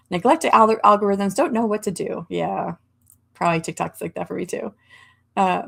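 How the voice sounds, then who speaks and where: A woman hosts a writing livestream, talking casually and reading out viewers' comments. Her voice sits a little low and has a gravelly fry. She rambles with lots of fillers and small laughs. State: hiccups. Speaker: livestream host.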